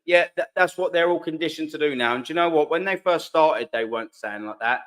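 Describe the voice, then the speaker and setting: A man hosting a live fan channel reads viewer comments aloud in a heated, slangy rant, swearing and repeating himself. His voice is fairly high-pitched, brisk, and a bit bright.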